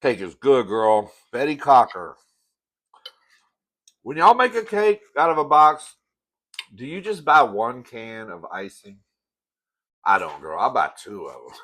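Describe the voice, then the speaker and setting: A man's voice: medium pitch, sing-song, unhurried, pauses often, pushed and bright. Campy chatty man eating on camera. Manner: chatty and campy, calls viewers "girl", eats between sentences. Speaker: mukbang host. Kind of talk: casual eating-show chat to camera.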